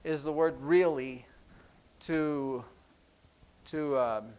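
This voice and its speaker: A man's voice: fairly high pitch, fairly even intonation, drawn-out words, darkish tone, clean tone, rough recording. Chatty man teaching a church class. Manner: chatty, rambling, jokey asides. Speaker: sign language teacher.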